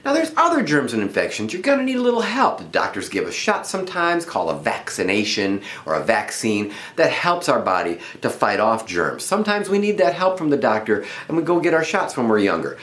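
Animated middle-aged man reading a storybook. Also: medium pitch, fairly quick, hardly any pauses, echoey room. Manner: animated and friendly. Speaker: children's book reader. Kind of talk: reading a picture book aloud to children.

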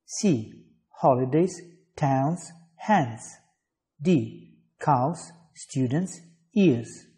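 Male tutor, first language Azerbaijani, reading phonetics lists at an extremely slow, deliberate pace, mellow voice. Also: medium pitch, animated. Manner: slow, deliberate, one word at a time. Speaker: English teacher.

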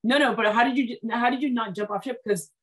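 A woman hosting a casual interview over a video call, enthusiastic and talking at length with quick restarts. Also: a little high. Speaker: host.

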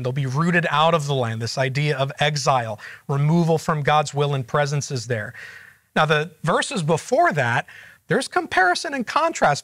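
A man's voice: on the high side, fairly bright tone, no echo. A man teaching a group Bible study, explaining verses and asking the room questions in a conversational way.

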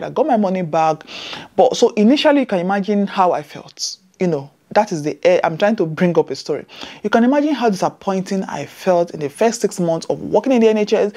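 A woman's voice: medium pitch, dark tone. A woman in her thirties from Nigeria, speaking, chatting to viewers as a nurse vlogger and telling her story with emphatic asides. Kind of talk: casual vlog talk to camera. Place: Scotland.

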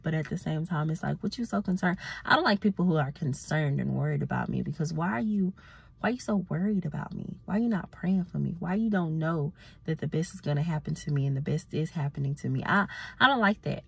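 A woman's voice: sits low, vocal fry, breathy edge, no echo. A sleepy woman, ranting bluntly and profanely in a casual vlog as a self-reflection coach. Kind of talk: casual vlog talk to camera.

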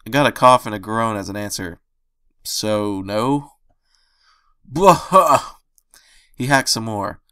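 Male narrator reading fan fiction, lowish and smooth, dry close mic, steady first-person storytelling. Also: a little fast, hardly any pauses, no echo.

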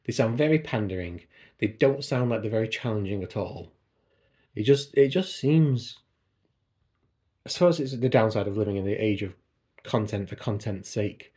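A man's voice: on the low side, expressive, normal speed, pauses often, a little mellow, husky. A man chatting casually on a book vlog, wandering off on tangents and poking fun at himself, recorded at home by his computer. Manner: chatty, digressive, self-deprecating. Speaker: book vlogger. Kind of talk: casual chat.

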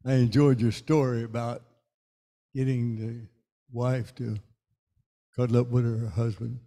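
A man's voice: medium pitch, flat delivery, a little slow, dark tone. A man in the audience making a joking comment to the speaker. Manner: joking, teasing. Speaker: club member asking a question.

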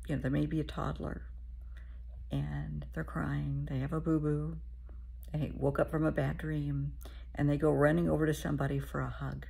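A middle-aged woman with a low, deeply gravelly voice gives a motivational talk as a therapist, calling the listener honey. Her very husky, breathy voice often sinks to a half-whisper. Her delivery is flat and mellow at normal speed.

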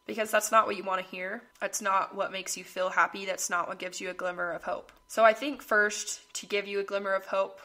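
Earnest young woman with a bright voice. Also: mid-range voice, little pitch movement, brisk, few pauses. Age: young adult. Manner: earnest, reading aloud from old journal entries. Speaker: podcast host. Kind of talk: personal reflective monologue.

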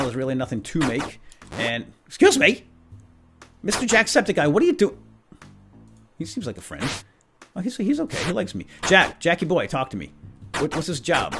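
A man hosting a video game let's play, casually commenting and playfully bantering with the characters. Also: mid-range voice. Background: game music.

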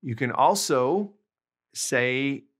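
Guy teaching a language lesson, patient, says the example bits slow and clear. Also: medium pitch, lively intonation, fairly bright tone. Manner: patient, slows down for example phrases. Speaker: language tutor. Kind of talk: explaining lessons to camera.

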